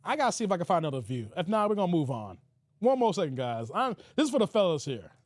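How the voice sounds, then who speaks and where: A man hosting a casual livestream, reading chat comments in an animated way, with stuttered repeats and frequent laughter. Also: high voice, fast talker, dry recording. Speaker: livestream host.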